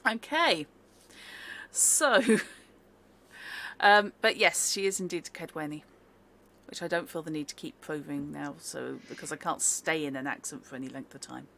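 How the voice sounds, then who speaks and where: A woman's voice: sits low, a little slow, vocal fry, bright, forceful tone, slight background noise. A woman narrating a tabletop game as game master, chatty, with many fillers and laughs.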